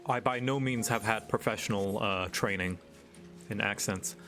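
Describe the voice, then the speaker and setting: A man's voice: lowish voice, fairly even intonation, moderate pace, a bit bright, soft background music. A man chatting casually on a live stream, rambling and hesitant as he searches for words.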